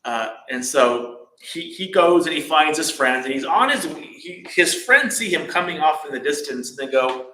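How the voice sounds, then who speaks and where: A man giving a casual dharma talk in a temple hall, relaxed and chatty, with many fillers and restarts. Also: a little high, normal speed. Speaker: temple teacher. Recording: echoey hall.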